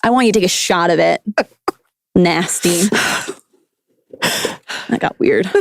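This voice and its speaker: A woman's voice: fairly low pitch, takes it slowly, creaky, a little hiss or hum. A woman who used to be a food scientist, a podcast guest riffing playfully on words in casual chat. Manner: animated, silly, riffing on words.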